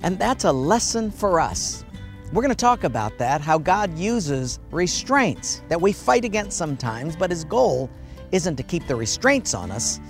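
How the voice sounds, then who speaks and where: A man's voice: on the high side, sing-song, a little slow, soft background music. A man preaching a sermon as a pastor, telling folksy stories and laughing at his own jokes.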